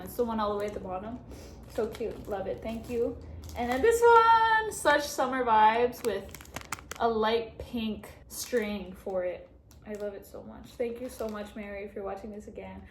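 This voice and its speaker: A woman's voice: mid-range voice, a little mellow. Young woman, casual vlog, emotional, gushing, echoey room, faint hiss. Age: young adult. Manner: emotional, gushing, reads a card aloud. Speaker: vlogger.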